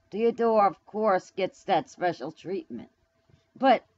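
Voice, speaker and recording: Slow, blunt woman rambling at her chat. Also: medium pitch, dull audio. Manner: rambling, blunt and profane, talks back to chat. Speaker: live streamer chatting with viewers. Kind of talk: casual live-stream chat. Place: home in New York. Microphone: camera mic.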